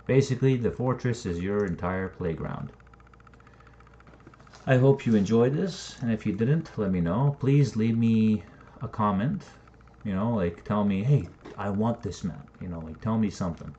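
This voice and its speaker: A man's voice: lowish voice, moderate pace, dark tone. A man building a game map and thinking aloud in casual, rambling commentary, swearing now and then. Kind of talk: casual screen-recording commentary. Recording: dull lo-fi mic with faint noise and typing.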